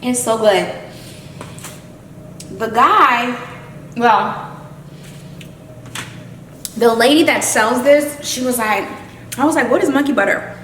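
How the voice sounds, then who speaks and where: A woman chatting to camera while she cooks and eats in her home kitchen, savoring the food with long drawn-out hums. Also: a little high, a bit bright, roomy sound, far from the mic, slight background noise, low-quality recording. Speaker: lifestyle vlogger. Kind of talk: casual chat to camera while cooking.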